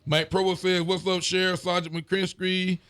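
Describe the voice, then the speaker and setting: A man, a sheriff hosting a casual local show, relaxed and folksy as he reads out viewer greetings. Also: high-pitched, normal speed, smooth. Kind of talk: casual call-in style show chat.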